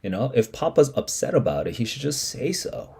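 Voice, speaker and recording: A man's voice: mid-range voice, big pitch swings, fairly quick, vocal fry, darkish tone, slightly rough. A man reading a short story aloud and explaining it as he goes, thinking aloud with many fillers and restarts. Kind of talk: live reading reaction.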